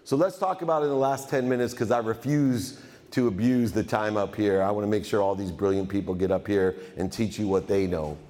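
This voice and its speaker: A man giving a motivational keynote speech, energetic and emphatic, often repeating phrases for effect. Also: fairly low pitch, a little fast. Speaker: motivational speaker. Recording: reverberant hall.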